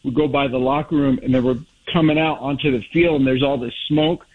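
A man's voice: medium pitch, steady tone, fairly quick, breathy edge. A man from Northern California calling into a radio show, heartfelt and rambling. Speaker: caller. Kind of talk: phone-in call. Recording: tinny phone line.

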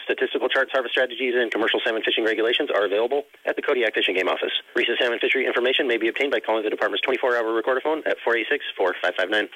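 A man reading an official fishery advisory in a brisk, formal way. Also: mid-range voice, sharp tone, no echo, rough recording. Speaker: agency announcer.

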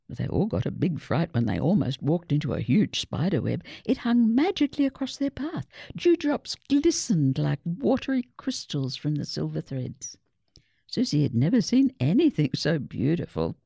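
Woman storyteller, low, gravelly, husky, slow, very lively pitch, dry sound. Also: dry recording. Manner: expressive, animated. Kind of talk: children's story reading.

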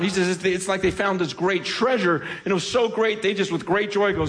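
A man's voice: sits high, a little fast, few pauses, fairly bright tone, big-room sound. A man preaching a sermon to a congregation in a church, speaking earnestly and with emphasis. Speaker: pastor. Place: church hall with a live audience.

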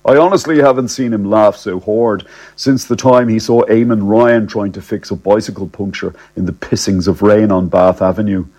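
A man telling a comic first-person story in a cheeky, deadpan, slangy way. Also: lowish voice, normal speed.

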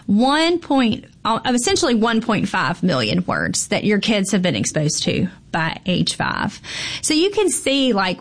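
A woman who works as a pediatrician, talking in a relaxed podcast chat. She is animated and emphatic and repeats key phrases for stress. She speaks at an ordinary pitch with plenty of ums. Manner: animated, emphatic, frequent fillers.

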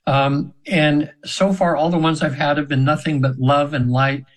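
A man in his seventies, a guest on a radio show, tells a long personal story in casual interview style, rambling with many restarts and fillers. His voice is fairly high and his intonation fairly even, at a normal speed, and the audio is poor.

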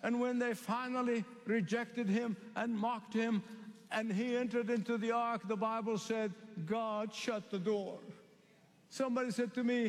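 A man from the Middle East preaching a sermon, emphatic and repetitive, stretching key phrases slowly. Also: very high voice, fairly even intonation, in a large hall.

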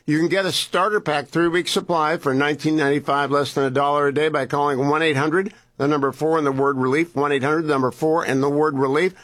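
A middle-aged man voices a recorded sponsor spot in an upbeat, first-person way. The studio sound is dry and close. His voice sits a little high for a man. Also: fairly even intonation, fairly quick, hardly any pauses, a bit bright, dry recording. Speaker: radio host reading a pre-recorded ad. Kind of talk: scripted ad read.

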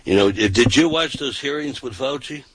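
A man's voice: medium pitch, expressive, moderate pace, a bit bright, breathy edge, dry recording, rough recording. A man hosting a casual talk show, talking emphatically and often repeating himself and restarting his sentences.

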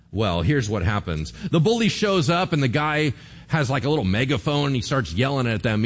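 A man preaching a sermon in a casual, conversational way, with slang and playful asides. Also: mid-range voice. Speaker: pastor.

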